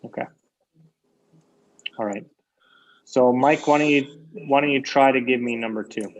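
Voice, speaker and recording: A man's voice: medium pitch, unhurried. A man teaching an English grammar lesson online. He explains with examples, repeats key phrases and keeps checking with "right?". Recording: lo-fi dull sound.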